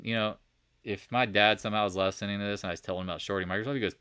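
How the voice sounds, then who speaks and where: A man hosting a casual market recap, talking through charts with jokey asides, swearing and sudden loud outbursts. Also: lowish voice, racing, clear, resonant tone, no room sound, clean studio sound. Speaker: stock market recap host. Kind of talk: casual screen-share chart commentary.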